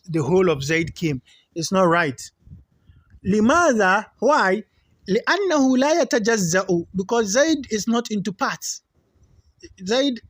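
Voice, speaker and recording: High-voiced man teaching grammar. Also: no echo, clean studio sound. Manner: explains Arabic terms in English, repeats examples slowly. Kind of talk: classroom lesson.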